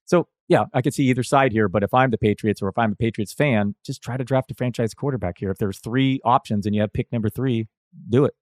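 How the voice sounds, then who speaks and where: A man talking fantasy football in a loose, halting way, often stopping and restarting mid-sentence. His voice sits at a medium pitch. The recording is close and dry, with no echo. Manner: halting, lots of fillers and restarts, chuckles now and then. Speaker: fantasy football podcast co-host. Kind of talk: casual sports analysis chat.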